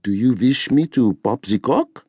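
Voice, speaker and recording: A man's voice: low voice, wildly swooping pitch, takes it slowly, slightly rough, dry recording, exaggerated voice. A man voicing a snooty young male waiter who talks with a faux accent in a haughty, affected way. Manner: haughty, affected, nose in the air.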